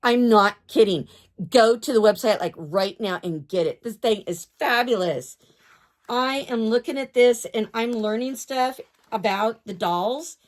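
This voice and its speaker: Slow, gushing higher-voiced woman. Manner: gushing, repeats herself, stumbles over names. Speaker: doll collector vlogger. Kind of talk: casual vlog chat.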